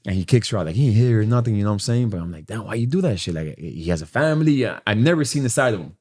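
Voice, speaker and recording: Give me a low-voiced man from Miami telling a rough, profane story in casual talk. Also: lively intonation, racing, darkish tone. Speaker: guest.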